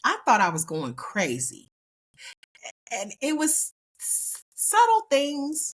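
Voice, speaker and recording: A woman in her fifties hosting a podcast, telling personal stories in an animated, chatty way and laughing along. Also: high voice, slow. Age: 50s. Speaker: podcast host. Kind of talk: casual storytelling monologue.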